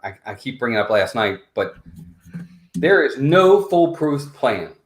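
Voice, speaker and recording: Emphatic man with a lively, roomy voice. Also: medium pitch, a little slow. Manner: emphatic, repeats himself while making a point. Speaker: guest. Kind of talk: casual chat. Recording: roomy echo.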